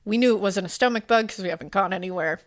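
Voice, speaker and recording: A woman's voice: medium pitch, fast talker. A woman in her forties co-hosting a podcast, talking in an emotional, rambling way with many fillers and restarts. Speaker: podcast co-host. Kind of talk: casual podcast chat.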